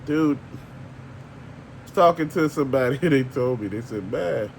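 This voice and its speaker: A man's voice: mid-range voice, animated, unhurried, slight background noise. An older man, ranting bluntly and profanely as a channel host, laughing often. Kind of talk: casual ranting monologue.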